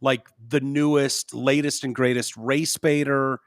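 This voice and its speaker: Gravelly man hosting a podcast. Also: medium pitch, level tone, dry recording, studio quality. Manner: halting, many fillers and throat-clearing. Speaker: podcast host. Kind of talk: casual chat.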